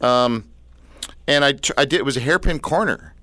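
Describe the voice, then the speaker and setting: A man's voice: medium pitch, normal speed, bright, forceful tone, dry recording. A man hosting a radio show, joking and teasing his guest in casual chat. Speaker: radio host.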